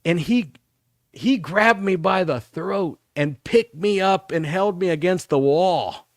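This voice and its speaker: A middle-aged man hosting a talk show, telling rambling, profane stories about his school days in a casual, animated way. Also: high-pitched, slow, dry recording, clean studio sound. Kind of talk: casual storytelling.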